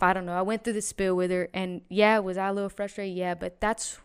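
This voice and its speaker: A woman's voice: mid-range voice, little pitch movement, fairly quick, few pauses, smooth. A woman chatting as a podcast guest, telling a personal story in a rambling, emphatic way with many restarts. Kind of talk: casual podcast chat.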